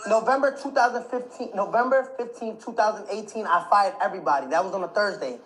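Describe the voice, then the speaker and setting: A man's voice: sits high, quick pace, a bit bright, poor audio. A man as an interview guest, telling a story in casual talk, repeating dates and acting out what each person said. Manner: emphatic, repeats dates and phrases, acts out quoted dialogue.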